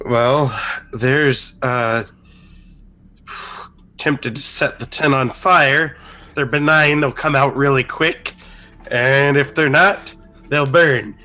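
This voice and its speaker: A man playing a tabletop game, laying out his character's actions in an unhurried, wry way. His tone is bright, and faint music plays behind him. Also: mid-range voice, steady tone. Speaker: player.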